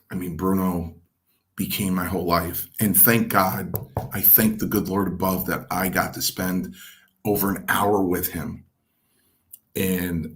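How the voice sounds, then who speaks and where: Man, deep voice, middle-aged, former wrestler, animated storyteller, interview guest. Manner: animated storyteller acting out quoted dialogue.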